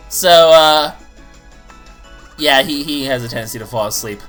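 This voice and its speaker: A let's play commentator chatting casually over gameplay, rambling and joking at their own expense, with excited bursts over characters. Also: medium pitch, measured pace, long pauses, soft background music. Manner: chatty, rambling, self-mocking jokes.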